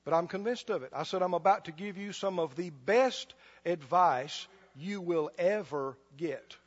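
A man's voice: sits high, unhurried, in a large hall, muffled recording. A man preaching a sermon, emphatic and repetitive, often laughing between points.

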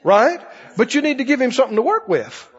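Brisk and very animated, a preacher with an extremely high, husky, slightly bright voice tells stories through his sermon, his voice climbing and falling for emphasis. The sound is dull and lo-fi, recorded in a reverberant hall.

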